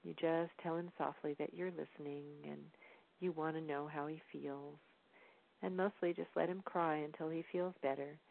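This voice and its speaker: Low gravelly woman, tinny phone-like sound. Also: normal speed. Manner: calm, explanatory, frequent "um" fillers. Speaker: parenting educator. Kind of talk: instructional talk.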